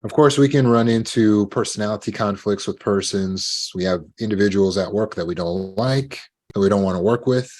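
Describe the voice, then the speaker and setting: A man giving a talk on trauma recovery, calm and gentle, now and then acting out short sample dialogues. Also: lowish voice, normal speed. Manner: gentle, acts out sample dialogues with lively shifts. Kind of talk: instructional talk.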